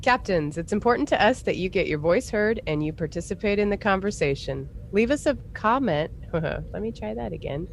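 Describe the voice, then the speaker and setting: A woman's voice: medium pitch, lively intonation, normal speed, vocal fry, few pauses, a little hiss or hum. A woman co-hosting a live podcast, cheerfully reading announcements with frequent laughs. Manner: giggly, reads announcements cheerfully. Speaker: podcast co-host.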